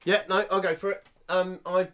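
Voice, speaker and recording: Man, podcast co-host, animated storyteller, casual chat. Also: high-pitched, moderate pace. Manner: animated storyteller, acts out his reactions.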